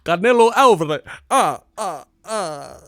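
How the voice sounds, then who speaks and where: A gloating vampire count narrates with a slow, drawn-out laugh, as a man puts him on. The voice sits higher and louder than his usual talk, gravelly at the edges. The sound is close and dry. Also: expressive, no echo, full character voice.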